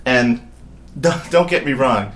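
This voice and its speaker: A man's voice: mid-range voice, lively intonation, slow, fairly bright tone, a little hiss or hum. Rambling, swearing podcast co-host man. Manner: rambling, swears often, laughs a lot. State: mentally exhausted. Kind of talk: casual podcast chat.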